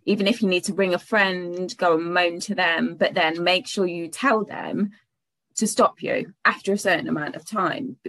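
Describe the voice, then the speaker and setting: A woman hosts a podcast in a lowish, gravelly voice, recorded dry and close. She is chatty and enthusiastic, tagging her remarks with little questions. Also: steady tone, moderate pace, a bit bright, no room sound. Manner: chatty, enthusiastic, asks "don't we" tags. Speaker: podcast host. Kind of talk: casual podcast conversation.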